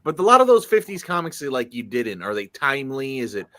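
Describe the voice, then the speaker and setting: Excited guy chatting, bouncy lively voice, dry close mic. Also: medium pitch, a little fast, dry recording. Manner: enthusiastic, eager. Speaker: podcast co-host. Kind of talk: casual chat.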